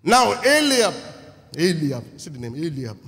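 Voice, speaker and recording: A man's voice: a little high, very animated, measured pace, fairly bright tone. A man preaching a sermon, who acts out the crowd and keeps putting questions to the congregation. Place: church hall. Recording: echoey hall with long reverb.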